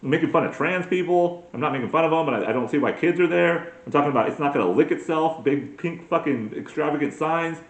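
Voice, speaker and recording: A man's voice: on the high side, fast talker, hardly any pauses, reverberant. A man in his forties doing a crude, self-mocking comedic monologue as a podcast host, full of profane rants. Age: 40s.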